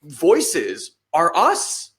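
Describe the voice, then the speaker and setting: A man in his thirties co-hosting a podcast, telling a story in a loose, animated way and acting out the lines he quotes. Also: on the high side, very slow. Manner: animated storytelling, acts out quotes, swears casually. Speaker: podcast co-host. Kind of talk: casual conversation.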